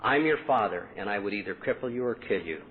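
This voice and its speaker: A man's voice: on the low side, lively intonation, quick pace. Earnest man on an old tinny tape. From Texas. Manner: earnest storytelling, acts out quoted dialogue. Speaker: AA convention speaker. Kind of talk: personal recovery talk at a podium. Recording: tinny lo-fi 1980s convention tape.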